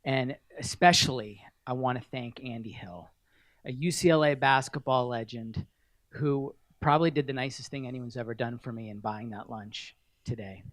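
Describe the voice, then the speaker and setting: A man's voice: mid-range voice, normal speed, a bit bright, dry recording. A middle-aged man giving an award acceptance speech at a podium, telling wry, self-deprecating stories.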